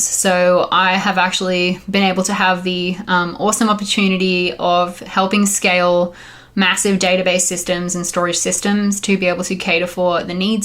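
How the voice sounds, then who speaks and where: A woman's voice: lowish voice, level tone, normal speed, fairly bright tone. A woman in her thirties with an Australian accent, giving a chatty, upbeat conference talk as an engineer, with frequent ums along the way. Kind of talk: conference presentation.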